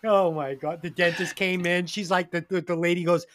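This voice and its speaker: Profane, animated male podcast host. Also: a little high, brisk, hardly any pauses, no echo, studio quality. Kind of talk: casual podcast chat and album review.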